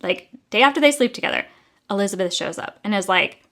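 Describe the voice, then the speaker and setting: A woman's voice: mid-range voice, animated, quick pace, a bit bright. Exasperated chatty young woman reviewing a book. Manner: chatty, exasperated, many fillers. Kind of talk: casual book review rant.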